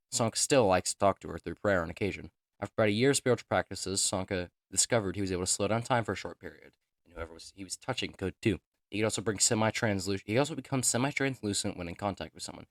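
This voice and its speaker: A young man reading his own character profiles aloud, rushing through them with joking asides and stumbles. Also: on the low side, no room sound, studio quality. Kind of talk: casual reading of written notes.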